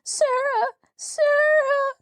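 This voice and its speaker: A spoiled little girl in a storybook wails and sobs in a high, shrill voice. A woman acts her out as she reads. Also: flat delivery, very slow, a bit bright, no room sound, clean studio sound, exaggerated voice. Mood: wailing. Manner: wailing, sobbing, high and tearful. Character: small spoiled crying girl.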